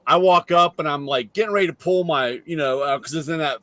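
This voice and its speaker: A man with a fairly high voice tells a rambling story in casual chat, leaning on "you know" and restarting his sentences. The sound is dry and close, with no room around it. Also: fast, fairly bright tone, no room sound. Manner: rambling anecdote with many "you know" fillers. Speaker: host.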